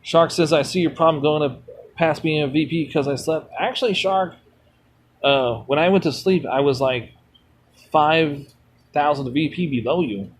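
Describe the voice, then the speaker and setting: Rambling, slightly high-voiced male streamer. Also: normal speed, slight background noise. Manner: rambling, blunt, swears freely, answers chat. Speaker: mobile game streamer. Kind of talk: rambling casual chat while gaming.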